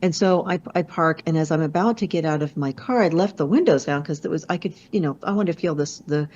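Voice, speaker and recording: A woman who is a motivational speaker, telling a personal story in an expressive way, with many restarts and asides. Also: deep voice, quick pace. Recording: slightly muffled lo-fi audio.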